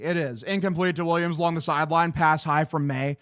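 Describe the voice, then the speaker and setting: Frustrated young man streaming, high voice. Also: fairly even intonation, fairly quick, a bit bright, smooth, no room sound, studio quality. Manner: frustrated, profane, talks to chat as "boys". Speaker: livestream host. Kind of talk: casual live game-watch stream.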